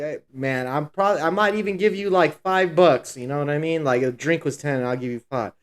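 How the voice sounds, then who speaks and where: Higher-voiced man, laughing podcast co-host. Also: a little fast, few pauses. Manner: laughs along, chimes in, opinionated about tipping. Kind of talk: casual podcast chat.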